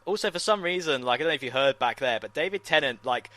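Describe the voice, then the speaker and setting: A young man with a bright, forward voice and a dry, close sound, chatting his way through a film commentary. He teases his co-host playfully and jumps into sudden excited outbursts. The pitch sits at an ordinary middle level. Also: no room sound. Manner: playful, teasing, quick bursts of enthusiasm. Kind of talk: casual film commentary chat.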